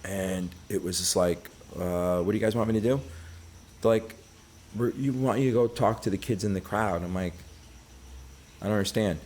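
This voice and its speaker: Voice on the low side, moderate pace, long pauses: a middle-aged podcast guest from Brooklyn, New York, telling stories in casual chat. He's profane and animated, imitating the voices of others as he quotes them.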